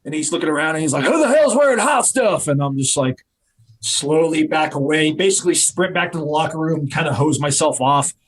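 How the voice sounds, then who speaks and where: A man with a slightly high voice tells a long backstage story on a podcast. He is a wrestler guest in his forties, chatting casually. He jumps into the voices of the people he quotes as he goes. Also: a little fast. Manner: animated storyteller who acts out quoted voices.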